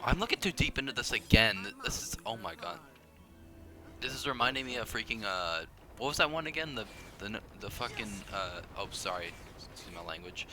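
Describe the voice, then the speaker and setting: Bright and forceful, this young man's mid-range voice carries his casual gameplay commentary as a gaming video creator. He rambles, mocks himself, and often starts over or goes off on tangents.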